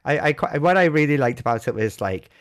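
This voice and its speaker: A man co-hosting a podcast in casual chat, playful and animated, acting out quotes as he talks. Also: mid-range voice, quick pace. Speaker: podcast co-host.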